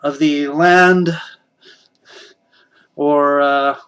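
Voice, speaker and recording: A man's voice: a little high, steady tone, very slow, a bit bright, smooth. Rambling man chatting on stream. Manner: rambling, chuckles often, talks to chat. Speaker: live streamer host. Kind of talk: casual live stream chat, reading viewer comments.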